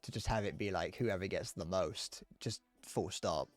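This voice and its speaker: A man's voice: deep voice, normal speed, no room sound, faint music behind. A man chatting casually while streaming a game, rambling, swearing, and stammering through restarts. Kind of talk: casual live-stream chat while gaming.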